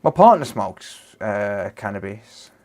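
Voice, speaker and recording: A man with a Black Country accent chatting casually with viewers during a repair livestream, relaxed and matey. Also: on the low side, slow pace. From Dudley, West Midlands, England. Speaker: repair streamer.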